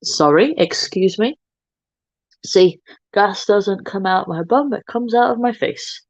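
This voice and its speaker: A woman's voice: mid-range voice, a little slow, a little mellow, dry recording, lo-fi sound. A woman hosting a makeup livestream, chatting casually and teasing herself in playful banter as she works. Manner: playful, self-mocking banter. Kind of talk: casual chat while doing makeup live.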